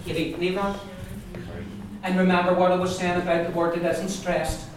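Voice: mid-range voice, level tone, moderate pace. A teacher with a Donegal accent giving a classroom pronunciation lesson, patiently saying each sound again and again. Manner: patient, repeats sounds many times over. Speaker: language teacher. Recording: very echoey room, mic far off, background noise.

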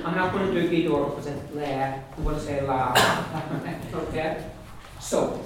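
A man teaching a language class, explaining in loose restarts and often checking with his students. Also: sits high. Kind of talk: classroom lesson. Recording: echoey room from far off, noisy.

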